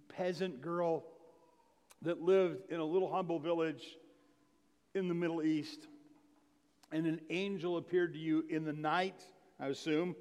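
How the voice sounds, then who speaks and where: A man's voice: fairly high pitch, darkish tone. A man preaching a Christmas Eve sermon, talking casually and reading scripture aloud with rising emphasis, asking the congregation questions. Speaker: pastor. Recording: long reverb of a large hall.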